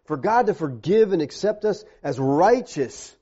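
A pastor preaches in a slightly high yet mellow, warm and husky voice, animated but at a measured pace. Speaking directly to the men in the congregation, he alternates between hushed, low passages and emphatic peaks. The recording is dull and lo-fi.

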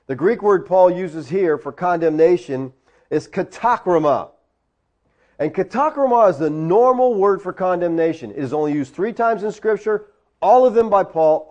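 A man's voice: sits high, a little mellow, lo-fi sound. A man delivering a teaching sermon, explaining words from the Greek and driving points home with rhetorical questions. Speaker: preacher.

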